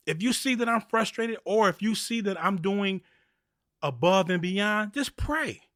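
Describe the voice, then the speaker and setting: A man hosting a motivational faith talk podcast, talking in an animated, preachy way and repeating key phrases. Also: high-pitched, moderate pace, dry recording, studio quality. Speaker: podcast host.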